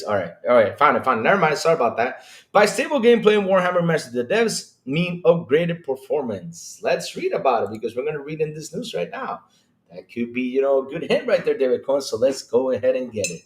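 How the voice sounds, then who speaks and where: Male stream host, lively high voice with big swings, slangy chat-reading manner, roomy echo. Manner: animated, reads chat aloud, slangy asides. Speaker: podcast host. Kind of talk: casual livestream chat, reading news.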